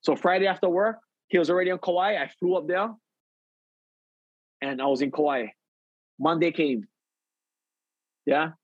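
A man with a Hawaiian Pidgin English accent telling his recovery story as a podcast guest, lively and animated. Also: on the high side, measured pace, pauses often, no room sound, muffled recording. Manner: lively, acts out quotes, says "bro" often.

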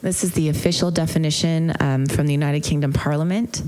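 A woman giving a retreat lecture on mindfulness as its teacher, telling a story in an earnest, reflective way with gentle hesitations. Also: low-pitched, fairly even intonation, fairly quick.

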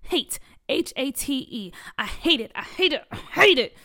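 A woman's voice: high voice, big pitch swings, a little slow, fairly bright tone, pitched above the performer's own voice, heavily acted. A woman voicing a frustrated, anxious fifth-grade girl in a storybook reading, whiny and emphatic when upset.

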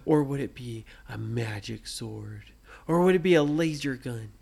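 A man slowly telling an improvised bedtime story to a child, gently asking the listener questions as he goes. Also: mid-range voice, animated, gravelly, husky.

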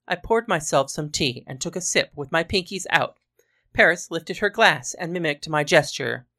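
A woman narrating a storybook in a wry, even manner. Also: low-pitched, normal speed.

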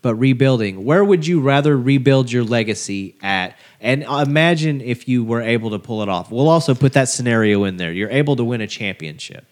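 A man's voice: mid-range voice, expressive, brisk, few pauses. A man co-hosting a casual sports podcast, laying out scenarios and giving fan opinions. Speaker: podcast co-host.

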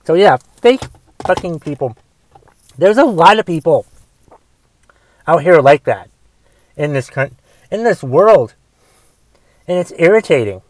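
Profane ranting podcast host, dry close sound. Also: male voice, a little high, no room sound. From United States. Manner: profane, swings from mumbled asides to loud angry ranting. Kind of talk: casual rant podcast.

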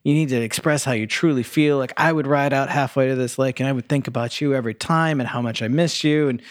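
Relaxed male podcast co-host. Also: medium pitch, fast talker, no room sound, clean studio sound. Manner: relaxed, reflective, many "like" fillers. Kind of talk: casual movie review chat.

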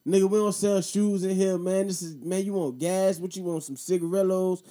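Man, thirties, casual host, profane slang, mellow tone, higher pitch. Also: moderate pace. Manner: profane, animated storytelling, slangy. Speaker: podcast host. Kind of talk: casual storytelling and commentary.

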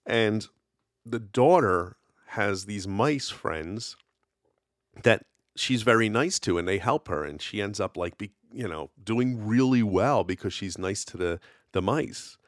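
A man's voice: on the low side, expressive, a little slow, no echo, studio quality. A man hosting a casual solo podcast, telling folklore in a rambling, conversational way with lots of fillers. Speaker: podcast host.

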